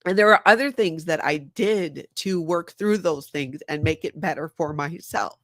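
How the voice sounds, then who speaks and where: A woman's voice: sits low, moderate pace, a bit bright, dry recording. A woman hosts a livestream in an earnest, confiding tone, reading viewer comments aloud as she goes. Her voice is recorded dry and close, with no room sound. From former member of a high-control group. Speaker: livestream host.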